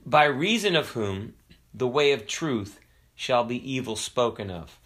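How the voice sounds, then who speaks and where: A middle-aged man preaching a sermon on a podcast, slowly and deliberately, stressing key words and reading Bible verses. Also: medium pitch, lively intonation, a bit bright. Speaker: pastor.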